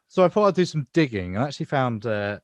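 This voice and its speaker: A man in his thirties from England co-hosts a casual podcast, talking fast in a medium-pitched voice with no room sound. He's animated, using a storytelling voice to relate a spooky local tale.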